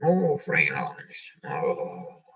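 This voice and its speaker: A man hosting a live stream, reading song lists slowly and cracking puns after each title. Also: fairly bright tone, far from the mic. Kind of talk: rambling live-stream chat with jokey asides. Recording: dull lo-fi sound, off-mic.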